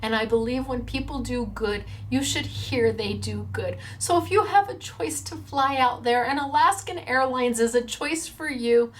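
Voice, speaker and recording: A woman hosting a crafting show, chatting casually to viewers in an earnest, emotional way. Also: on the high side. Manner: earnest and emotional, quick to tear up.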